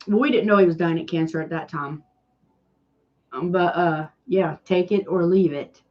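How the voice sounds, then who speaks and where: Her voice is on the low side and unhurried, captured in a muffled recording. She's a Tennessee DIY channel host with a Southern country accent, casually chatting with live-stream viewers in a sarcastic, self-deprecating manner.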